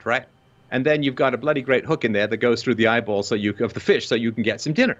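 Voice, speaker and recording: Animated man arguing, muffled sound. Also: mid-range voice, fast talker. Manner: animated, acts out short mock quotes. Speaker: guest. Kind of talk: conversational argument. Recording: dull lo-fi sound.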